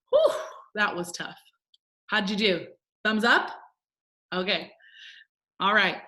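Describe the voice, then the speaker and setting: A woman's voice: medium pitch, measured pace, long pauses, pushed and bright. A woman teaching a first grade phonics lesson, upbeat and encouraging as she talks to young children. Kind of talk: recorded remote phonics lesson.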